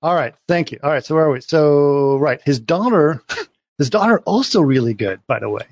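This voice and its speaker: A man's voice: on the high side, animated, normal speed, darkish tone. A man hosting a casual watch-party podcast, retelling a show's plot in a rambling way with many restarts. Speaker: podcast host.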